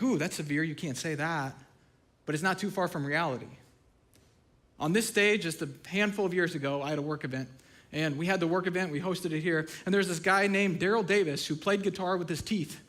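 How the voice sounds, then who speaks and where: A man's voice: high-pitched, fairly bright tone. A man preaching a sermon from a church stage, telling funny stories with self-deprecating asides. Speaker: pastor.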